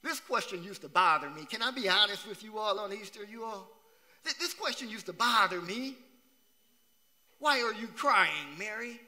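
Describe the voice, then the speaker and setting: A man's voice: high-pitched, lively intonation, a little fast, bright, forceful tone. A man preaching a sermon as pastor, repeating phrases for emphasis and asking the congregation questions. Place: church sanctuary. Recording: long church hall reverb.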